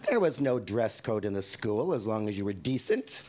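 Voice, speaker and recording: A man's voice: lowish voice, big pitch swings, moderate pace, warm tone. A man in his sixties from Canada performing wry, profane poetry on a live venue stage into a handheld microphone. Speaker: poet.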